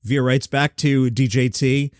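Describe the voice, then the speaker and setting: A man's voice: mid-range voice, fairly even intonation, unhurried, no room sound. Wry, dry-sounding man hosting comedy news. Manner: wry, chatty, ad-libs side comments. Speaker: comedy news podcast host. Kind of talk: casual news recap with jokey asides.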